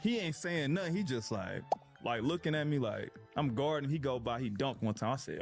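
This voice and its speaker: Animated, laughing male storyteller. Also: mid-range voice, normal speed, gravelly, faint music behind. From Indianapolis, Indiana. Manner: animated storyteller, acts out quotes, profane, laughs often. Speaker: podcast guest, former pro basketball player. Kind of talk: casual storytelling chat.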